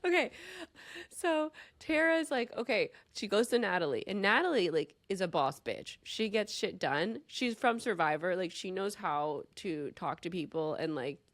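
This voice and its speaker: A woman's voice: medium pitch, animated, normal speed, no room sound. A woman hosting a podcast in casual chat, retelling events emphatically and swearing freely. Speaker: podcast host.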